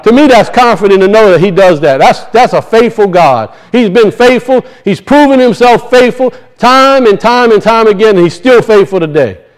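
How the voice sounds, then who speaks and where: Man, very high voice, preaching, emphatic, repeats himself. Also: animated, normal speed, few pauses, rough recording. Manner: emphatic preaching, voice rising and falling, repeats phrases. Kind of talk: sermon.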